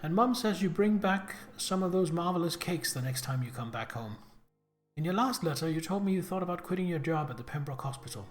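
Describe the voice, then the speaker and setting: A man's voice: a little high, expressive, brisk, faint music behind, lightly acted. A man reading a letter aloud as a chatty, crude working-class young sister, in an attempted Birmingham accent.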